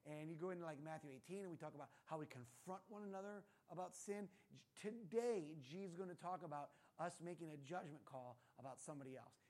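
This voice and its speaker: A man's voice: on the high side, mellow. A male pastor giving a casual, conversational sermon in a church room, often tossing in rhetorical questions like "right?".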